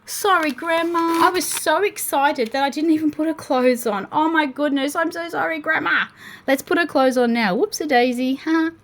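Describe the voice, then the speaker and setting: A woman's voice: sits high, normal speed, slight background noise. A young adult woman with an Australian accent, chatting to viewers and the toys as she unboxes and builds. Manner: animated, talks to viewers and the toys. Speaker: toy unboxing vlogger. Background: crinkling packets and plastic clicks.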